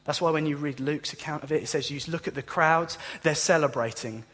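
A man's voice: fairly high pitch, fairly quick, a bit bright. A man pastor preaching a sermon, speaking straight to his congregation with passion. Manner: impassioned preaching, direct address to listeners. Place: church. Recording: long reverb in a hall.

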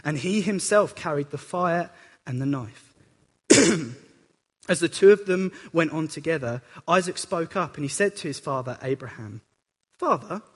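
A man preaching a sermon with animated delivery, swinging between dramatic outbursts and quiet reflection. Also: fairly high pitch, normal speed. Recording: echoey hall reverb.

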